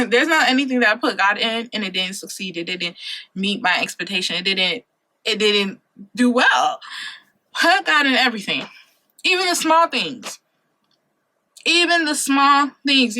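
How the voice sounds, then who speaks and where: Bright, emphatic young woman vlogger. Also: a little high. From Ohio, USA. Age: late 20s. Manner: earnest, emphatic, repeats key points, slangy asides. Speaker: vlogger giving life advice. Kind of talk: casual advice vlog. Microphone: compact camera mic.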